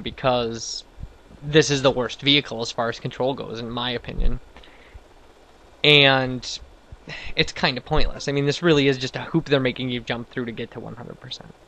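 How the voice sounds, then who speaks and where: A man's voice: medium pitch, steady tone, moderate pace, fairly bright tone, poor audio. A man giving casual, rambling let's-play commentary, self-deprecating and full of restarts. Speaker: gameplay commentator.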